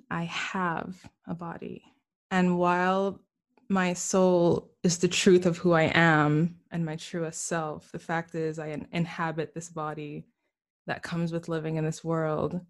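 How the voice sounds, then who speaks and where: Soulful woman with a Caribbean lilt. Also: deep voice. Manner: earnest, soulful, laughs easily. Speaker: musician and spiritual healer guest. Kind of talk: reflective podcast conversation.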